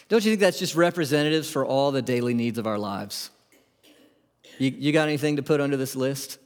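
A man's voice: mid-range voice, fairly quick, in a large hall. A man preaching a sermon to his congregation, conversational and full of questions to the room. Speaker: pastor. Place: church sanctuary.

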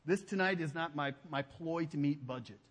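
A man preaching a sermon as pastor. He speaks emphatically and drops to a hushed low voice on key phrases. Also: normal speed, big-room sound. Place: church sanctuary.

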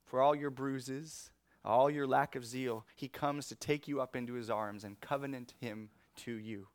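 A male pastor preaching a sermon in an animated, conversational way, chuckling often. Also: mid-range voice, normal speed, no room sound. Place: church.

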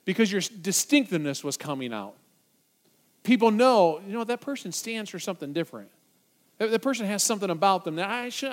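High-voiced man preaching a sermon. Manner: emphatic, builds to loud urgent repetitions.

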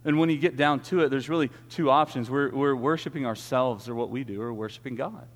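A man's voice: mid-range voice, fairly quick. A man preaching an earnest sermon, often restarting his words. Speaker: pastor. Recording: long hall reverb.

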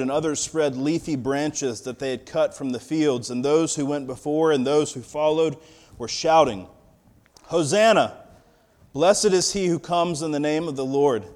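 A male pastor in his thirties reads from scripture and then preaches a sermon in a relaxed, storytelling manner with a fatherly bit of humor. His voice is medium in pitch.

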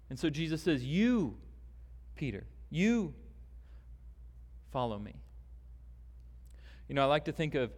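Male pastor preaching slowly in a church, deliberate with long emphatic pauses, reverberant hall sound. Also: on the high side. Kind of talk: sermon.

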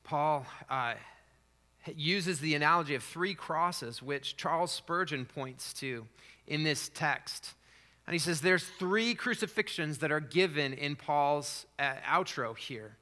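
A man's voice: fairly high pitch, animated, slow pace, bright, forceful tone. A middle-aged man, a pastor, preaching a sermon in a conversational way with fillers and restarts.

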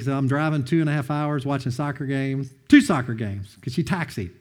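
A man sharing a personal testimony, earnest and heartfelt, often quoting others with lively bursts of emphasis. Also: medium pitch, brisk. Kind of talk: heartfelt storytelling talk.

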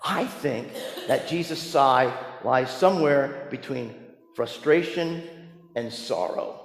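A man's voice: medium pitch, animated, slow pace, gravelly. A man preaching a sermon as a pastor, telling the story with animation and asking the congregation rhetorical questions. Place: church sanctuary. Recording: echoey church hall with long reverb.

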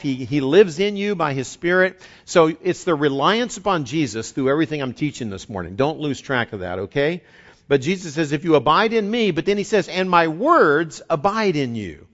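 A man preaching a sermon as a pastor in an earnest, conversational way, often restarting and repeating words. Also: fairly high pitch. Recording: dull lo-fi recording.

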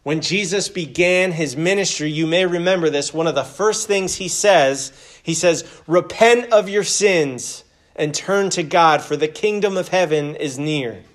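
A man delivers a sermon in a church at a deliberately slow, measured pace. His voice sits a little higher than most men's, and his delivery is earnest, moving between scripture readings and a prayer. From United States. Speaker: pastor.

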